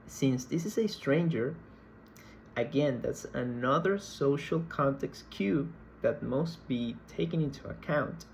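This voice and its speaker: A man giving a recorded university lecture, explaining slowly and deliberately and often repeating words as he searches for the next one. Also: mid-range voice, creaky, slight background noise, rough recording.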